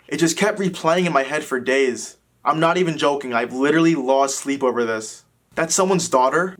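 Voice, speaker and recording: A man's voice: a little high, a bit bright. A man in his twenties telling a candid, self-deprecating personal story. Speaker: vlogger. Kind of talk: personal confessional monologue.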